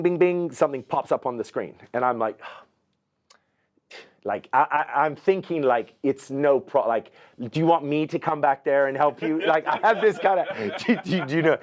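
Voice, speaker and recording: Profane, animated middle-aged male storyteller. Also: medium pitch. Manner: animated, profane, acts out other people's lines. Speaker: podcast guest. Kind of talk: casual storytelling interview.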